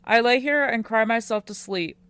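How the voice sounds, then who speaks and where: A woman narrating a first-person teen romance audiobook in a quiet, unhurried way. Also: a little high, smooth, no echo.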